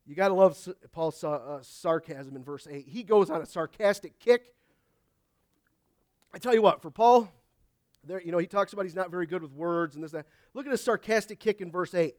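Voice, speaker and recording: Male pastor, high-pitched, chatty preaching style, reads scripture aloud, dry recording. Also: brisk, darkish tone, no room sound. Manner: conversational preaching, often asking the congregation "Amen?"; reads scripture aloud in old biblical wording. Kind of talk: sermon. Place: church service.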